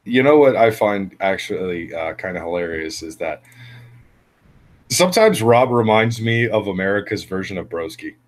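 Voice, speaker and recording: A man co-hosting a podcast, talking in a rambling, halting way in casual chat. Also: low-pitched, lively intonation. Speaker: podcast co-host.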